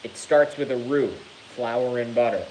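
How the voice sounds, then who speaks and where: A man vlogging to his channel in a casual rant, animated and theatrical, swearing freely. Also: medium pitch, measured pace, slight background noise, rough recording. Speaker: YouTube vlogger.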